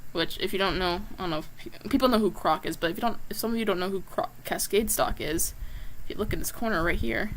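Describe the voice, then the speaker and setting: While drawing on a live stream, a woman who is a comic artist chats casually at a quick pace in a medium-pitched voice. Her talk is filled with fillers and slips into soft asides, with slight background noise.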